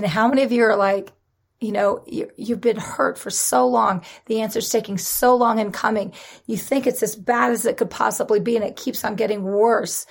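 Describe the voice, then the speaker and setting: A woman preaching a sermon in an animated, conversational way, with dramatic emphasis and laughter. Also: a little high, husky.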